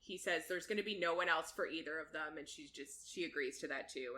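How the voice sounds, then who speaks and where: A woman's voice: deep voice, fast talker, hardly any pauses, sharp tone. A woman co-hosting a podcast, chatting casually as she recaps a book, laughing often and swearing freely. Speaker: podcast co-host.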